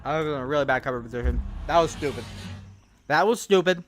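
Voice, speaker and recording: A man's voice: fairly high pitch, fast, a little hiss or hum. Swearing, stuttering male game streamer. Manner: rambling, swearing, self-described stutter. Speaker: gaming streamer. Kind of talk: casual gameplay commentary.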